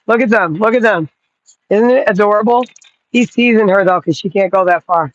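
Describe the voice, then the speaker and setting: A woman's voice: mid-range voice, fairly quick, dry recording, dull audio. A woman vlogging from her yard in a loose, rambling way, cooing at dogs and swearing casually. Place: outdoors in a yard.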